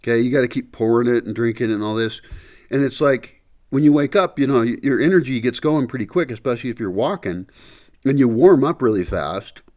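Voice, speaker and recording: A man with a mid-range, slightly mellow voice talks briskly to his camera for a vlog, indoors at his house before daybreak. He rambles and thinks aloud with many fillers, and the candy in his mouth slightly muffles him.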